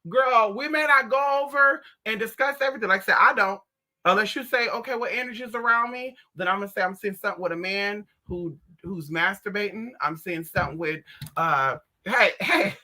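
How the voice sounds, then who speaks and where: A woman reader chatting casually to her viewers from home in a sassy, slangy, animated way. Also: medium pitch, normal speed. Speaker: spiritual reader and streamer. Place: at home indoors.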